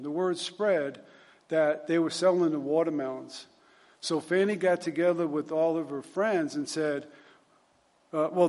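A man's voice: fairly high pitch, darkish tone. Man with a raised voice in a reverberant hall. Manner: conversational, with frequent restarts and fillers. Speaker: speaker. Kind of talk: storytelling talk.

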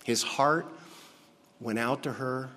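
A man preaching a sermon, slow and emphatic, dropping to a hush on key words, in a church sanctuary. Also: medium pitch, slight background noise. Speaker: pastor. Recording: long hall reverb.

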